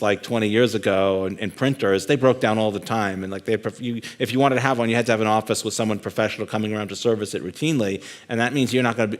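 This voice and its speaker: A man talking as the guest in an onstage fireside chat, joking and self-deprecating as he tells stories. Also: fairly low pitch. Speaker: guest speaker. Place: conference stage.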